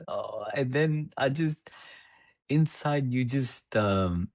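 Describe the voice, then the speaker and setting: A man in his thirties with a very low voice, animated and chatty as he recounts his story, often breaking into laughter and quoting himself. The sound is dry and close, with no room around it. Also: a little slow, no room sound. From India. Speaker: podcast guest. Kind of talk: casual chat, storytelling.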